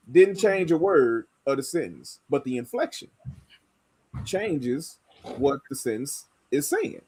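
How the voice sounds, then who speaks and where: A man in casual group conversation, talking slowly and emphatically and demonstrating points by changing his tone. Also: medium pitch, lively intonation, a little mellow, a little hiss or hum. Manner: slow, emphatic, explains by demonstrating tone.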